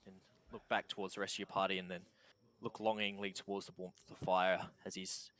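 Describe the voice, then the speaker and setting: A man's voice: sits low, level tone, brisk, a bit bright. A man with an Australian accent narrating a tabletop game as game master, repeating words as he goes.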